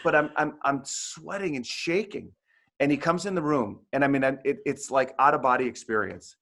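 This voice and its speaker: A man's voice: medium pitch, normal speed, creaky, fairly bright tone. A man, a sports anchor, telling a self-mocking story in casual chat. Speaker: sports anchor and podcast guest.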